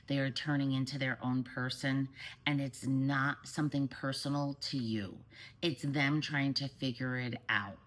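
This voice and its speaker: A woman parent coach giving calm, steady advice straight to the camera. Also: extremely low pitch, poor audio.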